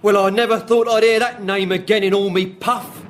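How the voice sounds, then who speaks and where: An actor playing a chirpy First World War corporal in a radio sketch comedy, telling anecdotes in a chatty, music-hall way. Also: male voice, sits high, fairly even intonation, a little fast, natural voice. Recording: live audience laughing, noisy.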